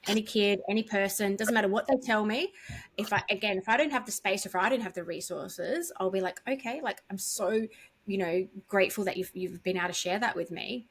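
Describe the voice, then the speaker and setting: A woman's voice: mid-range voice, a little fast, slightly rough. A woman hosting a podcast, chatting earnestly and reassuringly with her guest. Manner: earnest, reassuring, many fillers. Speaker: podcast host. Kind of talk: conversational interview chat.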